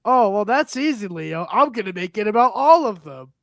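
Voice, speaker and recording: A man doing a comic impression of an excitable, pushy older male film director pitching a movie idea. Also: moderate pace, vocal fry, no echo, heavily acted. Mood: breezy.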